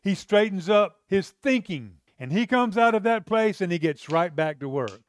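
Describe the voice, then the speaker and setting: A man's voice: high voice, animated, moderate pace. A man preaching a sermon with passion, often asking his listeners rhetorical questions.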